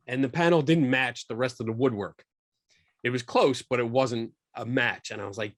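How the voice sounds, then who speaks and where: A man being interviewed about investigating paranormal claims, telling a long story with animated restarts and asides over a video call. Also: medium pitch, normal speed, no room sound, studio quality. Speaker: guest, skeptical paranormal investigator.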